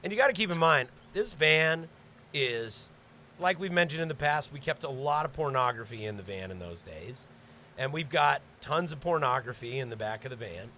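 A man hosting a podcast, telling a crude story and shouting when he acts out scenes. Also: medium pitch, moderate pace, a little hiss or hum. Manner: animated, shouts when reenacting. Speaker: podcast host.

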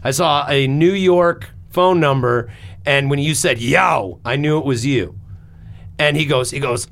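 A man's voice: a little high, normal speed, vocal fry, a bit bright. Rambling, cussing man hosting a podcast. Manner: rambling, emphatic, swears freely, many fillers. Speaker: podcast host. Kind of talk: casual podcast chat.

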